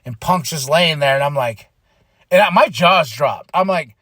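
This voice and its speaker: A man hosting his own podcast, giving a casual, excitable solo review, breaking into laughter and acting out his reactions. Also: a little high, moderate pace, no room sound. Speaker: podcast host reviewing a wrestling event.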